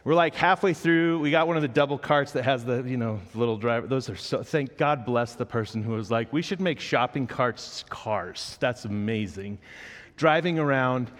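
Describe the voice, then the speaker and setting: A man in his thirties, a pastor giving a sermon, reading scripture and then telling a lively personal story about his son, acting out the children's lines. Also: medium pitch, moderate pace. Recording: long reverb of a large hall.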